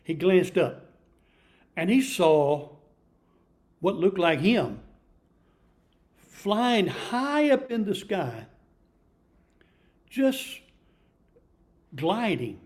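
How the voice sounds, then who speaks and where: A man's voice: high voice, big pitch swings, very slow, long pauses. A man in his seventies preaching a sermon in a folksy, emphatic storytelling manner, often repeating himself. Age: 70s.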